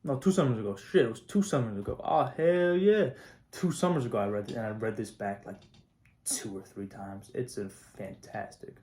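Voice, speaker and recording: A teenage high school student talking casually to camera, swearing often and getting fired up, with lots of filler words. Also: male voice, fairly quick, mellow, a little hiss or hum. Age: teens. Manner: profane, hyped, heavy "like" and "not gonna lie". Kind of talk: casual vlog monologue.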